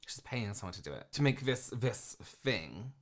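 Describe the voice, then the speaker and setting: A man's voice: lowish voice, sing-song, moderate pace. A man, a professional makeup artist, giving a frank, rambling critique in a reaction video.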